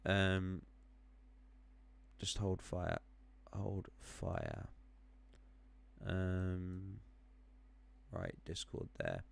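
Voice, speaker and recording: Gravelly man rambling through a live stream. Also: low voice, very animated, very slow, pauses often. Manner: rambling, many ums and self-corrections while clicking around. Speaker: crypto chart streamer. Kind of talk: live-stream chart analysis and chat.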